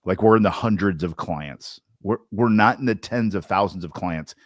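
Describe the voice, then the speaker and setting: A podcast co-host with a low-pitched voice and a Southern Indiana accent chats casually on a sales podcast at normal speed. He's loose and animated, full of slang and many restarts. The studio sound is clean, with no echo.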